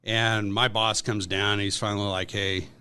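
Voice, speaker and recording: A man's voice: lowish voice, little pitch movement, normal speed, sharp tone, a little hiss or hum. A man who is a guest on a podcast, telling workplace stories in a rambling, casual way with lots of fillers. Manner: rambling anecdotal storytelling with many fillers. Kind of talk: casual storytelling.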